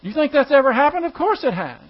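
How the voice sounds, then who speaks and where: High-voiced emphatic male preacher, lo-fi. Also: sing-song, fast. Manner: emphatic, rhetorical questions, acts out quoted dialogue. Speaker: preacher teaching a class. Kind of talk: sermon-style teaching with prayer.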